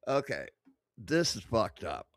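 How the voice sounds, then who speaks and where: A man's voice: on the low side, very animated, slow, no echo. A man casually reacting to online clips, crude, profane and blunt. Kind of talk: casual reaction stream commentary.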